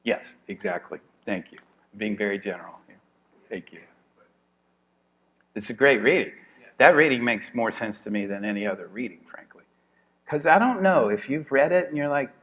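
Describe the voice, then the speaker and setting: A man's voice: medium pitch, animated, moderate pace, long pauses, a bit bright. Chatty male lecturer teaching a class. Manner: chatty, laughs often, thinks aloud with restarts. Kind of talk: informal evening lecture to a class.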